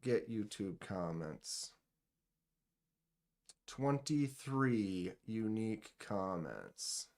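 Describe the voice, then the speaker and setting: A man's voice: lowish voice, animated, extremely slow, pauses often, a little mellow. A man hosting a live stream, casually reading viewer comments aloud and muttering to himself as he clicks through his screen. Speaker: live stream host running a giveaway.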